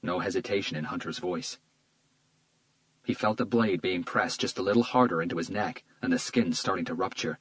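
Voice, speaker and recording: A man narrating a crime thriller audiobook in a steady, measured read. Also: sits low, dry recording, low-quality recording. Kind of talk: scripted narration.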